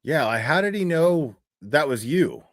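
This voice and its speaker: A man's voice: a little high, big pitch swings, a little slow, dry recording, clean studio sound. A man hosting a casual chat, laid-back, laughing and swearing as he talks.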